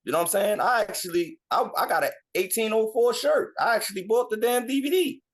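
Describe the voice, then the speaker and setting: A man's voice: sits high, brisk. A man from North Carolina, a podcast co-host, talking bluntly and swearing freely in a casual group discussion.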